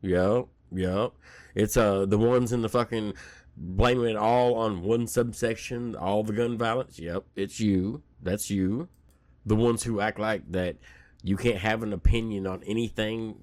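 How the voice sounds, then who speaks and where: A deep-voiced man in his forties rants on his own podcast, blunt and profane. His tone is heated and plainspoken. The recording is dry and close, with no room echo. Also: fairly even intonation, a little slow, darkish tone. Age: 40s. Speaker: podcast host. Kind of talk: casual rant.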